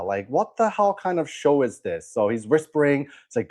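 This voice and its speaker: A man's voice: medium pitch, sing-song, normal speed, hardly any pauses, a little mellow. Male commentary host, preachy, scornful, emphatic, mid-range voice. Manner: emphatic, scornful, warning repeatedly. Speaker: host of a religious commentary channel.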